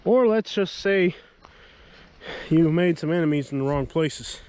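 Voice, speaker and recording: A man's voice: fairly high pitch, lively intonation, measured pace, a little mellow, clean tone. A man from Florida with a Southern US accent, talking casually as a travel vlogger in a chatty, folksy way. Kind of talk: casual travel vlog narration.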